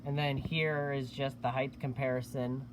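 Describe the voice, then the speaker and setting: A man giving a casual product review of a collectible animatronic, unhurried and hesitant, with many filler words. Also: mid-range voice, little pitch movement, a little hiss or hum.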